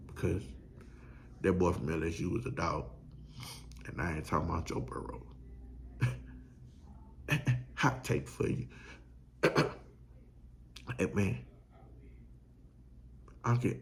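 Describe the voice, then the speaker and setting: A man fires off hyped fan talk, his low voice carrying a gravelly edge. He swings between preaching and trash talk, leaning hard on slang. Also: expressive, takes it slowly, long pauses. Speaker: sports show host. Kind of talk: fired-up sports talk.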